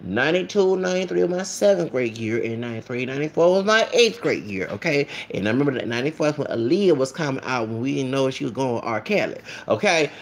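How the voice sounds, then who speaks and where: A man's voice: mid-range voice, big pitch swings, fast talker, vocal fry, few pauses. A man, rambling in a casual vlog monologue and often asking "okay?". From Texas. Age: late 30s.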